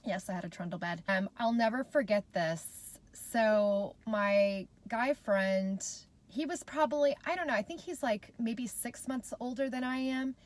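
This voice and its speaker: A woman in her thirties, a mom vlogger, telling a personal story to camera in a chatty, heartfelt way and speaking straight to her viewers. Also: fairly high pitch.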